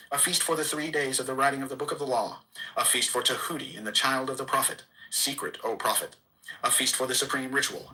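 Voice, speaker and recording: A man's voice: mid-range voice, sharp tone, rough recording. A man giving a solemn, declamatory reading of an archaic scriptural text. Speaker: reader.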